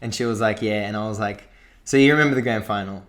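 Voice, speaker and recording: A man's voice: lowish voice, quick pace, a bit bright. Rambling Australian man telling stories. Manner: rambling storytelling, swears freely. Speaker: podcast co-host. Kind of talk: casual chat.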